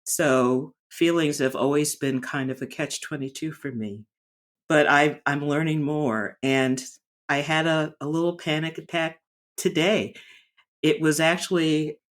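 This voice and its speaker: A woman speaking candidly in a personal vlog, reflective and earnest, often pausing and restarting her sentences. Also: deep voice, steady tone. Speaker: vlogger sharing a personal story.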